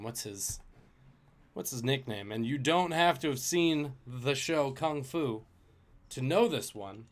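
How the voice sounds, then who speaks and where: A man's voice: mid-range voice, lively intonation, moderate pace. A man hosting a live-streamed trivia game, joking and chatting with viewers between questions.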